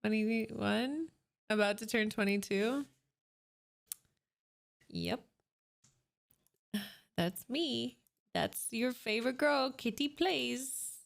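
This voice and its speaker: A woman streamer in her late twenties, talking in a relaxed, drawn-out way over old clips. Her voice sits fairly high, and she giggles a lot, swears without a second thought and bursts into loud squeals. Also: gravelly. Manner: giggly, swears freely, loud excited outbursts. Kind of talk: casual reaction stream chat.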